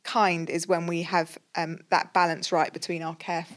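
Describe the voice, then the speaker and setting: A woman's voice: fairly low pitch, little pitch movement, normal speed. A woman with an English accent, a podcast guest, explaining leadership models thoughtfully with frequent ums and restarts. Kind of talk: casual podcast conversation.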